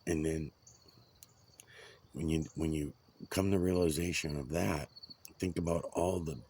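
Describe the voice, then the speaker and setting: A man's voice: rumbling low, fairly even intonation, unhurried, a little mellow, a little hiss or hum. A man rambling and ranting outdoors, swearing often. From United States. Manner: profane, ranting. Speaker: vlogger.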